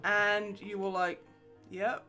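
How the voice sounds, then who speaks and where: A young woman chats through a gaming livestream in a bright, forceful voice. She swears freely and laughs often. Faint music plays behind her. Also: medium pitch, slow pace. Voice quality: sweary, laughing, animated storyteller. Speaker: livestream host. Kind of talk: casual chat while gaming.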